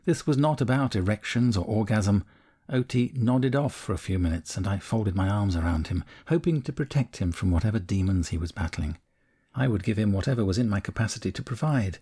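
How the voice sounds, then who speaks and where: A man narrating a first-person memoir audiobook in a calm, measured, candid way. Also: on the low side, slightly rough.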